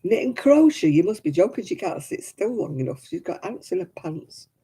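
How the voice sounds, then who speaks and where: A woman's voice: mid-range voice, sing-song, normal speed, mellow, breathy edge, rough recording. An older woman, chatting and telling stories with a giggle while she crafts over a video call from home. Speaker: craft stream host. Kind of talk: casual chat while crafting.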